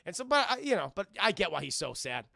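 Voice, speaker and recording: A man's voice: high voice, very animated, quick pace, gravelly, sharp tone, no room sound, studio quality. A man streaming a casual film recap, rambling and swearing as he keeps talking to his chat. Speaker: film reviewer streaming live.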